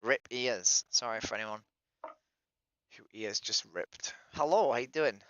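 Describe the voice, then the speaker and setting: A woman's voice: very deep voice, measured pace, fairly bright tone, highs cut off. A woman streaming from home in casual live-stream chat, talking to herself between strangers and swearing freely. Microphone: desk microphone.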